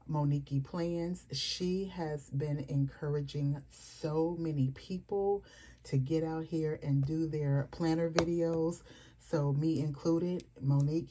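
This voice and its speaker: Woman, casual home vlog, rambling chatty manner, deep mellow voice. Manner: chatty, rambling with fillers and asides. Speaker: planner vlogger. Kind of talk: casual chat to camera.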